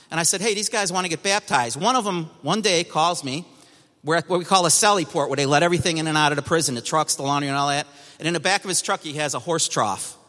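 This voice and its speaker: Man, fairly high voice, bright and forceful, emphatic storyteller, church testimony, reverberant hall. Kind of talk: personal testimony to a congregation.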